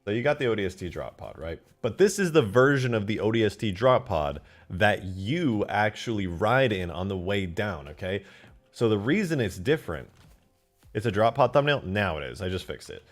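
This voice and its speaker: A man commentating his game modding on a live stream, excitable and foul-mouthed, swinging into loud outbursts. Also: on the low side, moderate pace, soft background music. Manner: excitable, swears a lot, flares into loud outbursts.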